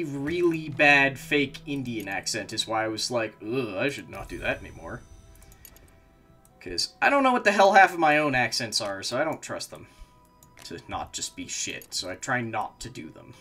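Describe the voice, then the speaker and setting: A man's voice: fairly high pitch, sing-song, normal speed, pushed and bright, soft background music. A man streaming a game, talking to himself as he plays and breaking into frustrated, swearing outbursts. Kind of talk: casual gameplay commentary.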